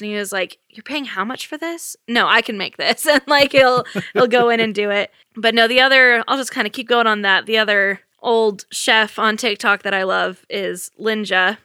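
Brief: female podcast co-host, bright clear voice, breezy filler-heavy chat, dry mic. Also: mid-range voice, dry recording. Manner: chatty, laughs often, lots of "like". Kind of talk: casual chat.

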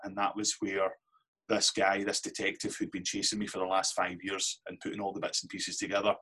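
Brief: Scottish man, low husky voice, candid anecdotal guest. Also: completely flat delivery, brisk, bright, forceful tone. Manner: candid anecdotal storyteller, swears casually. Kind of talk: casual storytelling interview.

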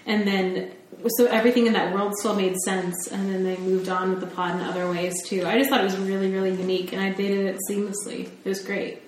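Fast flat-toned woman, far and echoey. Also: mid-range voice. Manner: quick, modest, run-on sentences. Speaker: podcast panelist. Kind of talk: casual film discussion. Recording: echoey, off-mic with faint room noise.

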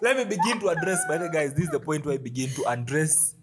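A man's voice: on the high side, expressive, fast, very noisy. A young Kenyan man co-hosting a casual chat show, teasing and joking, switching between Swahili and English. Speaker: podcast co-host.

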